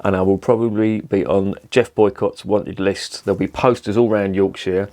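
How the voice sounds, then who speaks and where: A man's voice: fairly low pitch, fairly even intonation, normal speed, mellow. A man reviewing beer in a casual, rambling, sweary and jokey vlog. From southern England.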